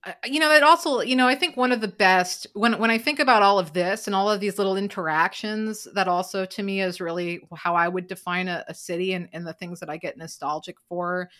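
A woman hosting a casual podcast chat, rambling with fillers and bursting into loud quoted lines. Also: mid-range voice, brisk, few pauses. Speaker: podcast host.

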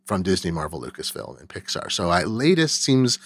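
A man hosting a podcast in casual, jokey chat, with a playful, mock-folksy banter and quick, filler-laden delivery. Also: sits low, very animated, no echo. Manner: quick, chatty delivery with fillers and self-corrections. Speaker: podcast host.

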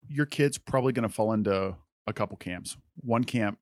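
A man co-hosting a faith-based podcast about mentoring youth, talking in a relaxed way with lots of "like" and soft trailing endings. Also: on the low side, normal speed, no echo, studio quality. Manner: relaxed and conversational, full of "like", trails off softly.

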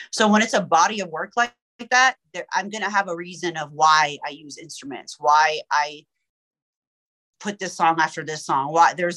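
A woman's voice: on the low side, fairly bright tone. Blunt, candid young woman rapper. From United States. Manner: blunt and candid, swears freely, laughs often. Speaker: rapper guest. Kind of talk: casual interview chat.

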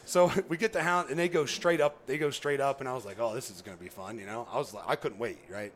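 Guest, male, rapid storyteller, rambling and animated, reenacts dialogue. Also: medium pitch. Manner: animated, acts out quoted dialogue; rambling, lots of fillers like "right?" and "you know". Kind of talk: casual storytelling on a podcast.

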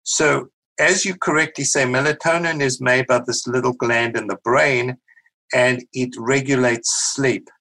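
A middle-aged man with a South African accent, a physician guest explaining medical ideas in a measured, patient way on a podcast interview. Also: mid-range voice, fairly even intonation, sharp tone, poor audio. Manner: measured, explanatory, with small restarts.

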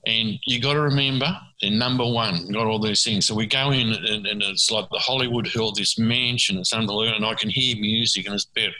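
A man's voice: lowish voice, steady tone, fairly quick, few pauses, pushed and bright, rough recording. An Australian man telling rambling anecdotes in casual chat, often repeating words as he goes. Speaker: guest storyteller.

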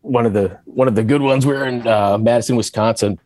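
A man's voice: medium pitch, fairly quick, no room sound. A man who is a musician, guesting on a podcast and telling tour stories casually with frequent laughs. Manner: animated, laughing storyteller.

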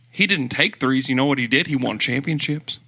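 A man's voice: medium pitch, moderate pace, husky. A man putting on a Southern accent to play a blustery, folksy sports-radio hot-taker in a comedic podcast bit. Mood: ranting. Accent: put-on Southern US. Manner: loud, folksy ranting.

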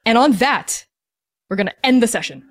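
A woman's voice: fairly high pitch, expressive, moderate pace. A woman narrating as game master in a tabletop game, casual and full of "like"s. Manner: casual, filler-heavy narration with many "like"s.

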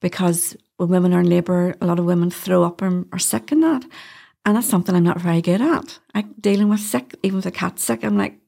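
A woman's voice: lowish voice, quick pace, creaky, dark tone. A middle-aged woman with a Northern Irish accent, a doula telling her story in a chatty interview, laughing often. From Northern Ireland. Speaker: doula, podcast guest. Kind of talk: casual interview chat.

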